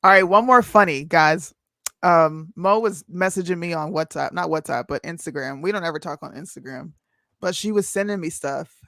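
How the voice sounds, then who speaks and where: Brief: woman co-host, gravelly voice, monotone and deadpan, dry close sound. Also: lowish voice, normal speed, no echo. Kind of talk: casual live-stream chat.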